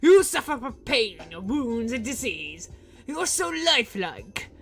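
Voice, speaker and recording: A man's voice: extremely high pitch, very animated, takes it slowly, gravelly, a bit bright, faint music behind, voice pushed up, exaggerated voice. A woman voicing a mysterious masked man in a game, speaking formally and cryptically in a theatrical put-on accent. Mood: solemn.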